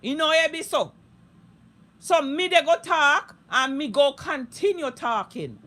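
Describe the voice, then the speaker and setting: Jamaican woman with a high, piercing voice, ranting live in thick Patois, heated and foul-mouthed. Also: animated, measured pace, a bit bright. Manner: heated, profane, repetitive ranting. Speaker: social media live streamer. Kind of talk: unscripted live-stream rant.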